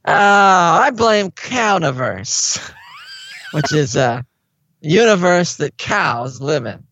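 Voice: mid-range voice, very animated, slow, fairly bright tone, muffled recording, a little hiss or hum. A comedy podcast cohost improvising with playful, mock-dramatic delivery.

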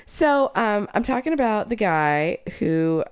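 A woman's voice: mid-range voice, sing-song, measured pace, smooth. A woman co-hosting a podcast, telling a news story in casual, profane chat and acting out what others said. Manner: storytelling, profane, acts out quotes. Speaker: podcast co-host, news segment.

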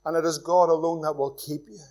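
A man with a Northern Irish accent preaching an evening sermon as pastor, earnest, swinging between loud emphasis and hushed, quiet passages. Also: on the high side, fairly even intonation, fairly quick.

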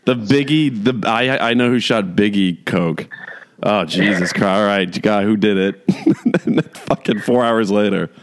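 Slow, low-voiced man reacting. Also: a little hiss or hum. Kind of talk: casual chat.

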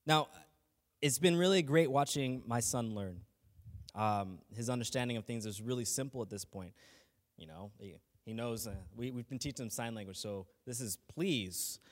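A man's voice: mid-range voice, moderate pace, in a large hall. A man giving a casual, earnest faith talk as a lay teacher, speaking conversationally with frequent restarts and fillers.

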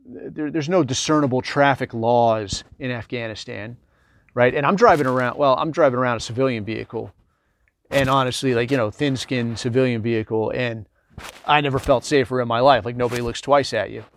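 A man's voice: medium pitch, brisk, slight background noise. A middle-aged man, a military veteran, telling rambling, digressive stories in a casual, conversational way full of fillers. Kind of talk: casual anecdotal storytelling.

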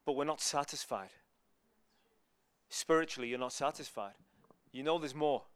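A man giving a sermon as a guest preacher, telling lively stories and acting out the people in them. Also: mid-range voice, normal speed, clean tone, no room sound. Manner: animated, acts out people in his stories. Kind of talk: storytelling sermon.

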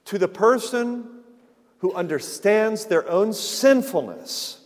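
A man preaching a sermon in an earnest style, rising to loud emphasis and then dropping to a hushed, soft tone. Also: high-pitched, animated, slow, in a large hall. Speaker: pastor.

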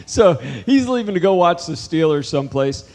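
A man's voice: on the high side, big pitch swings, normal speed, darkish tone, long reverb tail. A man preaching a sermon, telling a story and acting out a conversation with changing emphasis. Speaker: pastor.

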